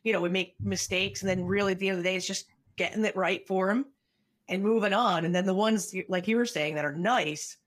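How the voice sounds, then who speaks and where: A woman's voice: mid-range voice, fairly even intonation, a little fast. A woman from New England speaks as a podcast guest. She is blunt and outspoken, and she talks in a direct, casual way. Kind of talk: casual conversation.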